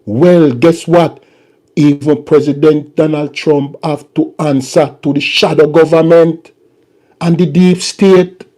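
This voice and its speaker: A man's voice: on the high side, steady tone, slow pace, mellow. A man hosting a political commentary vlog and ranting in a mocking, repetitive way.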